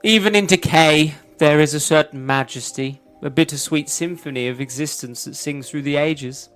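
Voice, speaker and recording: A man's voice: fairly high pitch, moderate pace, fairly bright tone, soft background music, lightly acted. A man voicing a melancholy talking tulip in a tabletop game, lamenting in flowery, theatrical phrases. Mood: mournful. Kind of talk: tabletop role-play voice.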